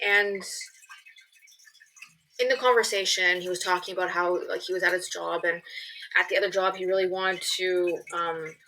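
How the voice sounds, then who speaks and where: A woman's voice: on the low side, fairly even intonation, moderate pace, bright, forceful tone, poor audio. A young woman telling stories in a casual vlog, chatty and swearing freely with lots of "like" fillers. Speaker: vlogger. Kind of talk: casual storytelling chat.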